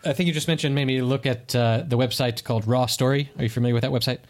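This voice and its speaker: Male podcast host, mid-pitched voice, dry teasing humor, relaxed chat. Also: quick pace, over music.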